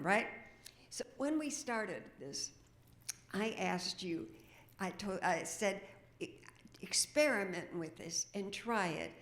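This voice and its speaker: A woman minister giving a sermon in a church, chatty and storytelling, with quick asides. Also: lowish voice, vocal fry, roomy sound. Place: church sanctuary. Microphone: microphone with feedback.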